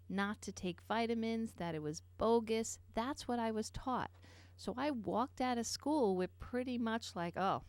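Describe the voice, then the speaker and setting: A woman's voice: mid-range voice, a little mellow, no echo. A middle-aged woman hosting a nutrition talk show, telling a personal story in an earnest way with many fillers and asides.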